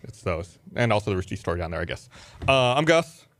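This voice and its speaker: Fast-talking man hosting a podcast. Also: lowish voice, no echo, clean studio sound. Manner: animated storyteller, acts out his own outbursts. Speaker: podcast host. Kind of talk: casual podcast chat. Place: podcast studio.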